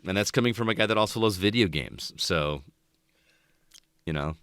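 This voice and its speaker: Man, very deep voice, smooth tone, earnest rambling podcast talk. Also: expressive, normal speed, fairly bright tone, no room sound. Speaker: teacher and podcast guest. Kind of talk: casual podcast chat.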